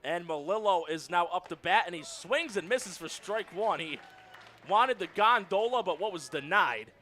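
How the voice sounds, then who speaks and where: Man, baseball play-by-play, radio call, high voice, crisp bright tone. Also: moderate pace, slight background noise. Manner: lively calls that rise on strikeouts. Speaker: play-by-play announcer.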